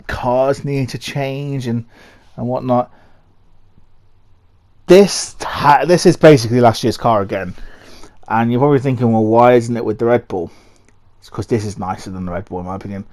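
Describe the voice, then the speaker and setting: A man's voice: mid-range voice, darkish tone. Chatty young man ranking liveries. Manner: chatty and rambling, with many fillers and restarts. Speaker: motorsport vlogger. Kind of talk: casual commentary ranking car designs.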